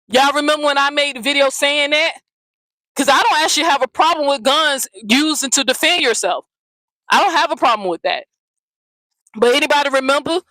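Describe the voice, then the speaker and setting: A woman's voice: high-pitched, bright, forceful tone, dry recording, low-quality recording. Profane, fiery woman ranting on her vlog. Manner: blunt, profane, mocking. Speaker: channel host. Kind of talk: confrontational vlog rant.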